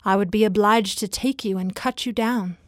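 A woman voicing a grave, loving male master of a garden, speaking in a solemn, measured way. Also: mid-range voice, dry recording, clean studio sound, natural voice.

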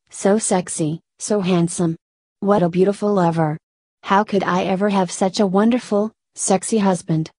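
A woman reading an intimate devotional prayer in an adoring, unhurried way. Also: mid-range voice, a little mellow, dry recording.

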